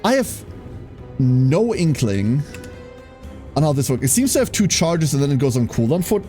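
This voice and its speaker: A man's voice: fairly high pitch, sing-song, fast talker, warm tone, faint music behind. A man streaming a game live, thinking aloud in a casual, frank way and swearing now and then. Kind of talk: live-streamed gameplay commentary.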